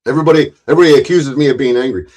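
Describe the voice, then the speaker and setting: A man in the middle of a heated livestream rant, swearing freely and mocking his critics with sarcasm. His delivery is loud and forceful, and he calls it passion rather than anger. His voice sits at an ordinary middle pitch for a man. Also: very fast. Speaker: YouTube channel owner.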